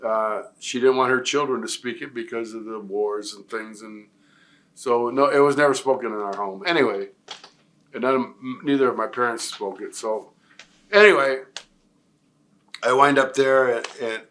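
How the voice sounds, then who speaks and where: A man's voice: mid-range voice, normal speed, a bit bright. An older man from Nebraska telling long stories in a career interview, rambling with many fillers and restarts. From Nebraska, USA. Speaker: retired pro wrestler, guest.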